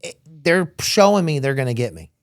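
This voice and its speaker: Speaking at normal speed in a mid-range, gravelly yet smooth voice, a young adult former smuggler from Florida shares his story casually as an interview guest. He animatedly acts out the quotes of others. It's a studio-quality recording with no room sound.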